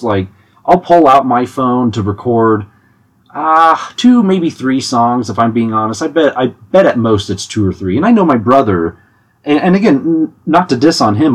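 A young man talking casually about concerts in an animated, chatty way, with frequent restarts and laughs. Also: medium pitch, breathy edge. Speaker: podcast host giving concert tips. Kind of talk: casual monologue.

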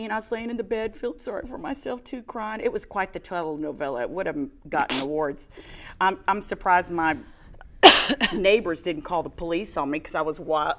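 A woman co-hosts a casual faith program, telling a personal story. She is animated and self-mocking. She does a whiny crying voice when she quotes her past self. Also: on the low side. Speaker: co-host sharing a testimony. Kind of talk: casual faith talk show.

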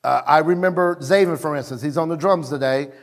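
A man's voice: on the high side, brisk. A male pastor preaching a sermon at a church service, calling out exclamations and stretching key words for emphasis.

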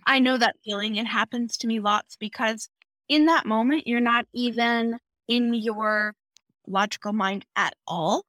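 Bright-voiced woman hosting an interview. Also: fairly high pitch, a little slow, no room sound. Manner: affirming, reflective listener. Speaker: podcast host and medium. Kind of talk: conversational interview.

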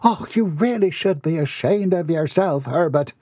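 A man's voice: on the high side, animated, moderate pace, dark tone, dry recording, studio quality, voice pushed up. A man reading aloud and voicing a fussy, gushing woman who dotes on a man and croons over him. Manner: crooning, fussy, overly doting. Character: Lily Lou, fluttery gushing Southern belle woman.

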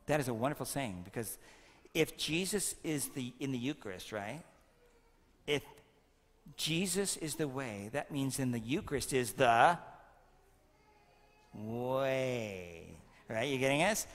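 A man in his fifties preaching in a church with a long, ringing reverb, his voice fairly high and bright. He jokes and quizzes the children in a playful homily. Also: animated, moderate pace. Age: 50s. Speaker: priest. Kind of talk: homily at a First Communion Mass.

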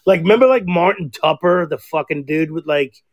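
Gravelly high-voiced rambling podcast man. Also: moderate pace. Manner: crude, rambling storyteller, heavy swearing. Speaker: podcast co-host. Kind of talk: casual chat.

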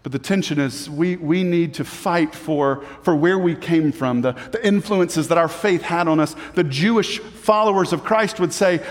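A high-pitched male pastor delivers a sermon, rising into emphatic stretches and doubling words as he thinks aloud. His voice rings out with a long reverb, as in a large church hall. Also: moderate pace, hardly any pauses. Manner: preaching with rising emphasis, frequent repeated words.

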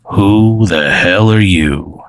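A man's voice: low-pitched, extremely slow, gravelly, dry recording, heavily acted. A man voicing Ray, a crude old eraser creature. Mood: hostile. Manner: coughing, scoffing.

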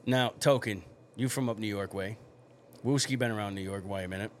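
A man's voice: fairly low pitch, a little fast, a little hiss or hum. Rambling laughing male podcast host. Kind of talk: casual live podcast banter.

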